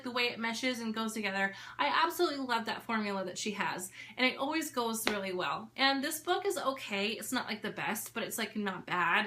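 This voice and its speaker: A woman's voice: a little high, pushed and bright. A young woman vlogger giving a casual, candid book review, talking in a chatty way with lots of fillers.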